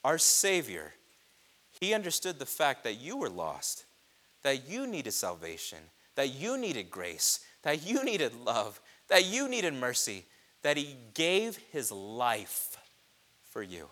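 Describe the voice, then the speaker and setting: A man preaching a sermon, impassioned, swelling loud on repeated phrases. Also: medium pitch, huge pitch swings, slow. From grew up on a reservation.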